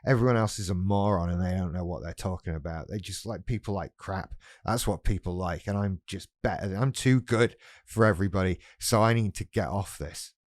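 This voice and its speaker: A man's voice: sits low, fairly quick, few pauses, dry recording, studio quality, natural voice. A man voicing his whiny, self-pitying inner voice that complains everything is unfair.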